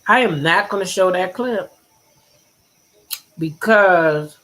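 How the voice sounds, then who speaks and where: A woman hosting a casual gossip chat, blunt and animated, swearing freely as she talks to her viewers. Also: fairly low pitch, slow pace, rough recording. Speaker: host.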